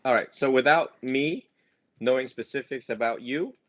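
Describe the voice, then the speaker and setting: A man's voice: mid-range voice, moderate pace, fairly bright tone. Playful joking male teacher. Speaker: monk teacher. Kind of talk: casual teaching talk.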